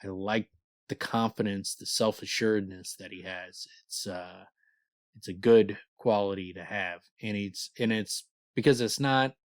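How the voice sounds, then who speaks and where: A man's voice: lowish voice, steady tone, measured pace, no echo, clean studio sound. A man co-hosting a podcast, chatting casually about a book, rambling and swearing freely and reading passages aloud. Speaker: podcast co-host.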